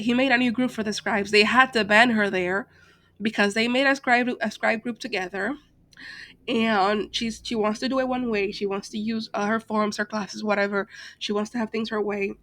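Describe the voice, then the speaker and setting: A woman's voice: mid-range voice, steady tone, moderate pace, a bit bright, dry recording. A woman ranting casually to her channel, hesitant with many fillers and restarts, tired from being up late and exasperated. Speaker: channel host, Second Life roleplayer. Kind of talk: casual rant to camera.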